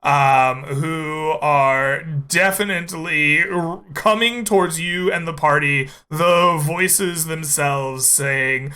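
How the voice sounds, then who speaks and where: A man narrating a tabletop game as game master, describing the scene in an unhurried way with frequent fillers. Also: on the high side, sharp tone.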